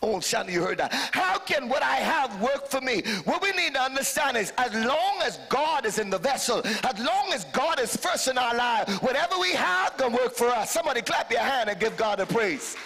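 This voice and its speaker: High, bright-voiced man preaching in a reverberant hall. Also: sing-song, fairly quick, gravelly, hardly any pauses. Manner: fervent preaching, calls to the congregation, sudden shouted peaks. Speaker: bishop preaching. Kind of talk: live sermon. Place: church hall with congregation.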